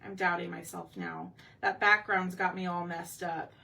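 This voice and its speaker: Lowish, creaky, pushed and bright, this woman's voice holds fairly even intonation at normal speed. She's a craft painting host running a casual live session, chatting and thinking aloud as she paints and asking viewers what they think, picked up by a slightly distant mic with faint background noise.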